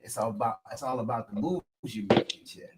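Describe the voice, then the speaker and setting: A man's voice: medium pitch, a little fast. A man co-hosting a podcast in a casual, laid-back way, chiming in with encouragement. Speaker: podcast host. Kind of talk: casual chat. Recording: far from the mic with noise.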